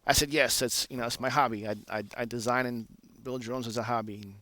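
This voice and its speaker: A man with an ordinary mid-range voice tells a long anecdote in a loose, chatty way. He fills his pauses with "uh" and jokes at his own expense, the easy manner of an engineer talking shop. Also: medium pitch, no echo. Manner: relaxed, self-deprecating, lots of "uh" fillers. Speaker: aircraft engineer. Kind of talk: casual anecdotal storytelling.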